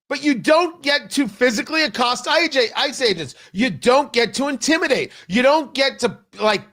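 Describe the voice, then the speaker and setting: Very high-pitched, pushed and bright, this male talk show host's voice drives a combative opinion monologue. He stresses his points emphatically by repeating lines over and over.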